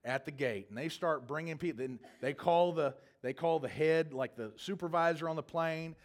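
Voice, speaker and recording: A man's voice: a little high, moderate pace. A man preaching a sermon as a pastor, telling a long, humorous travel story in a rambling, self-correcting way.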